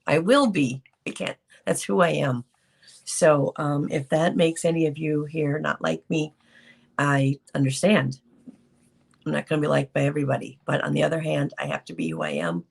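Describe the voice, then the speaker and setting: A woman's voice: low-pitched, creaky, husky. A woman hosting a casual live reaction stream, talking unscripted with many ums and greeting viewers in the chat. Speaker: livestream host.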